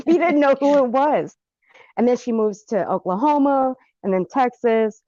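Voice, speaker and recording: A woman in casual conversation, telling an animated family story and laughing often. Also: on the high side, a little slow, dry recording. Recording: dull muffled audio.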